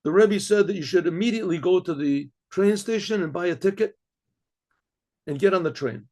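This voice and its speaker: A middle-aged rabbi telling a story aloud, with frequent throat clearing and many repeated, restarted words. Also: male voice, sits high, a little fast, a little mellow. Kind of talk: spoken story narration.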